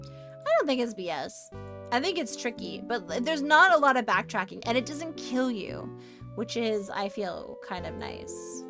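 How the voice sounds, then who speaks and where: A chatty, goofy woman streamer talks through a retro point-and-click game in a slightly high voice. Her talk is casual and playful, with sudden loud outbursts. Game music plays clearly behind her. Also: huge pitch swings, unhurried. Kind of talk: casual live-stream commentary.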